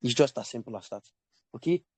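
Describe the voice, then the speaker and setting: A man's voice: medium pitch, lively intonation, fast talker, darkish tone, husky, no echo. A man teaching a sales bootcamp, asking the class questions and answering them himself. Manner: asks rhetorical questions and fills in the answers. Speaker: instructor.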